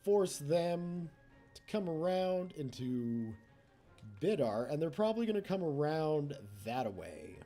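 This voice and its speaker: A man talks through a strategy game in casual let's play commentary, chatty and teasing his computer foes. His voice sits a little high and mellow, rising and falling in a lively way. Faint game music plays softly behind him. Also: slow. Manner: chatty, taunts the computer opponents.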